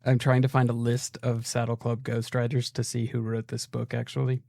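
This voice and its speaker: A man co-hosting a podcast in casual chat, talking in a hesitant, halting way. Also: mid-range voice, monotone, gravelly, warm tone, no room sound, clean studio sound. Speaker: podcast co-host.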